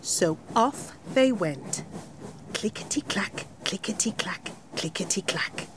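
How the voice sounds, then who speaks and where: A woman reading a rhyme and a story aloud for young children, in an expressive, sing-song manner. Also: mid-range voice, slow, noisy background.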